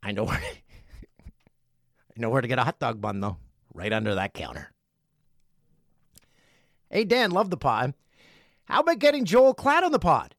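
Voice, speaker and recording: A middle-aged Canadian podcast host reads listener messages aloud from his home studio, playful and jokey with a lively delivery. His voice is a little high, and there's no room sound.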